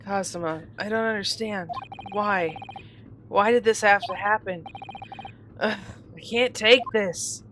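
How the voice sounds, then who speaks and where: A woman's voice: mid-range voice, measured pace, fairly bright tone, a little hiss or hum, natural voice, rough recording. A woman voicing an earnest young male law student, shaken but determined, reading a game scene in her own voice. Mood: distressed. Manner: pleading, then resolute. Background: game music.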